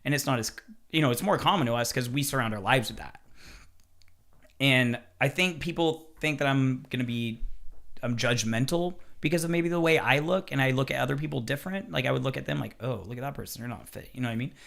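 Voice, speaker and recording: A man who works as a chef, talking casually on a podcast, telling animated stories with swearing and acted-out quotes. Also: medium pitch, a little fast, gravelly.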